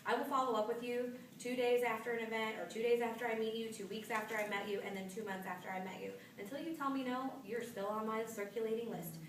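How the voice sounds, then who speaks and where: A woman's voice: a little high, fairly even intonation, fast talker, few pauses. Upbeat woman trainer telling stories to a group, heard from across an echoey noisy room. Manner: chatty, storytelling, upbeat. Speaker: sales trainer. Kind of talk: live training talk. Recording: echoey room from far off with noise.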